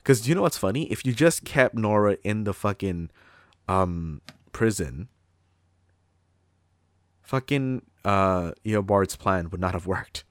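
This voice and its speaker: A man's voice: on the low side, lively intonation, unhurried, long pauses, dry recording, studio quality. A man in casual chat, rambling and swearing a lot while retelling a show's plot. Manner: profane, rambling, acts out characters' lines.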